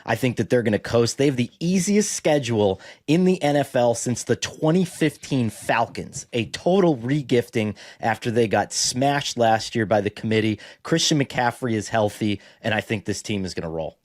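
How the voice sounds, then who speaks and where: A man on a sports podcast giving confident, quick predictions. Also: medium pitch, animated, a little mellow, no echo, studio quality. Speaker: podcast guest. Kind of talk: casual sports chat.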